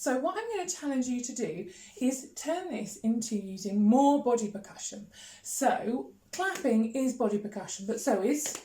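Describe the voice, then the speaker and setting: A music teacher leading a children's rhythm lesson, chanting rhythm names, counting in and praising. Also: female voice, on the high side, warm tone. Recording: echoey room with faint noise.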